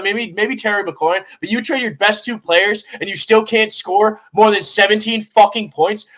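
A man's voice: sits high, bright, forceful tone, poor audio. A man co-hosting a sports podcast, ranting heatedly with lots of swearing in casual talk.

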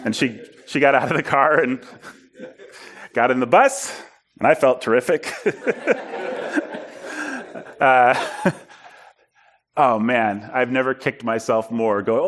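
A man preaching in a storytelling style, animated and self-deprecating, acting out bits of dialogue. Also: mid-range voice, unhurried, long pauses. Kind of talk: storytelling sermon.

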